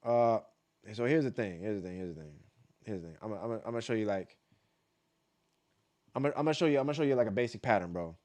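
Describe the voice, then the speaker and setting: A man's voice: fairly low pitch, lively intonation, quick pace, long pauses, darkish tone. A man giving blunt, profane live-stream commentary, repeating points for emphasis and vocalizing beat patterns aloud. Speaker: streamer reacting to dance battles.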